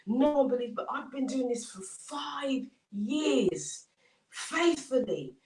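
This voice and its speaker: A woman's voice: medium pitch, moderate pace, natural voice. Woman voicing a despairing farmer man. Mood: anguished. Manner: pleading, repetitive laments. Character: despairing struggling male farmer. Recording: roomy, distant mic.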